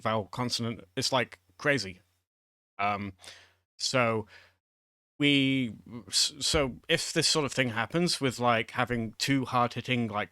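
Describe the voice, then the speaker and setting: Man talking through a quiz, bright voice, dry close mic, rambling, self-mocking. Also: mid-range voice, dry recording. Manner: rambling, many fillers and restarts. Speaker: YouTuber teaching Welsh. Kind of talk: casual screen-share commentary.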